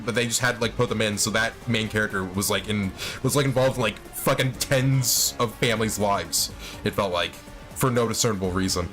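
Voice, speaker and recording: A man's voice: medium pitch, a bit bright. A young man casually commenting on a video game stream, rambling, swearing and laughing often. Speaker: let's play streamer.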